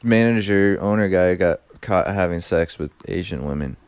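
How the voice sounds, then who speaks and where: A man's voice: sits low, moderate pace, darkish tone, clear, resonant tone, no room sound, clean studio sound. A man from the United States co-hosting a podcast in casual chat, joking crudely and rambling. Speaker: podcast co-host.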